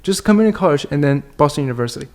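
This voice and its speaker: Speaking conversationally as a podcast guest, a Chinese man recounts his life with earnest candor, frequently starting his sentences over. He talks rapid-fire and expressively, in a higher-than-average voice with a darkish tone.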